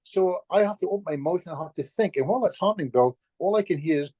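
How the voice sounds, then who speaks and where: Husky-voiced man telling a story. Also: sits high, fast, no echo. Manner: lively anecdotal telling, frequent restarts and chuckles. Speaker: guest, healer. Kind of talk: casual storytelling in conversation.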